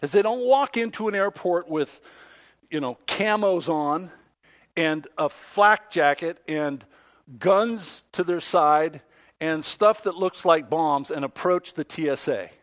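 A man preaching a sermon, acting out the voices he quotes and swinging between loud outbursts and hushed asides. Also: a little high, slow pace. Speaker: pastor.

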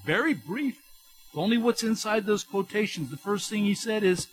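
A middle-aged man preaching a sermon, talking to the congregation in an animated, conversational way with emphatic rises and quick restarts. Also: high voice, breathy edge. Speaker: pastor.

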